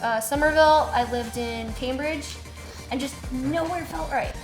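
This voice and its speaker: A woman's voice: high-pitched, a little slow. A young woman from New Jersey hosting a casual live stream, joking and chatting with her viewers. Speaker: livestream host. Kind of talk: casual live-stream chat while painting. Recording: echoey room with music behind.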